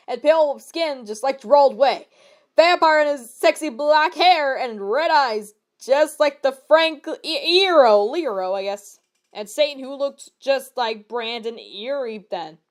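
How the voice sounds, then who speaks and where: High-voiced woman reading fanfiction aloud. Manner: exasperated, incredulous asides between read passages. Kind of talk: reading aloud with comic commentary.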